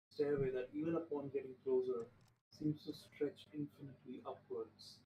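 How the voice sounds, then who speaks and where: A man narrating a tabletop game as game master, describing scenes in a measured way with restarts. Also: mid-range voice, dark tone, slight background noise. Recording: roomy distant mic with faint ambience.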